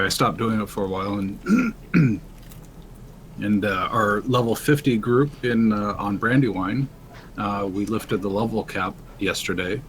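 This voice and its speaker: A man chatting as a guest on a game stream, talking in a laid-back, rambling way with many pauses and fillers. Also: on the low side, fairly bright tone, slight background noise. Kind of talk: casual voice-chat conversation.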